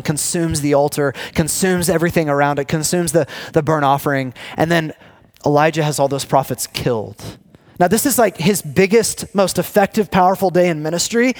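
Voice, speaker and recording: A pastor teaching a sermon series tells the story with animated energy, restarting and repeating words as he goes. When he reads scripture, his voice falls low and quiet.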